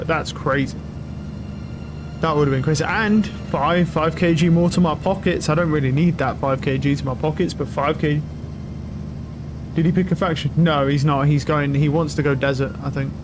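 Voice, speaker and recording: A young man streaming a game, talking loudly and excitably with lots of swearing to his chat and a friend. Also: on the high side, normal speed. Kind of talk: casual live-stream commentary. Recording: game music loud behind voice. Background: game music.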